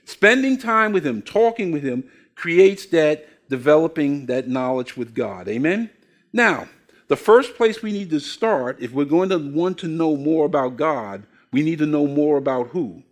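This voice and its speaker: This older man's voice sits on the high side, expressive and measured in pace. Preaching as a pastor, he puts questions to the congregation and tells folksy stories, acting out the people he quotes.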